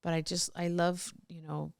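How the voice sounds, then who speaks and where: A woman's voice: lowish voice, level tone, moderate pace, creaky, darkish tone, dry recording, clean studio sound. A middle-aged woman telling candid personal stories as a podcast guest, rambling with restarts and laughs.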